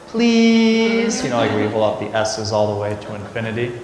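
A priest giving a conversational homily, telling a family story before turning to scripture. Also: male voice, fairly low pitch, flat delivery, quick pace, a crowd in the background. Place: large church. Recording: echoey church recorded from afar.

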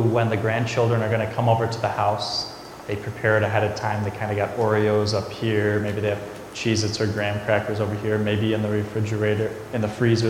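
Low-voiced priest in an echoey church. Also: male voice, noisy background. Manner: storytelling, conversational, folksy. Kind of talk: homily. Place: large church. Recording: echoey church recorded from afar.

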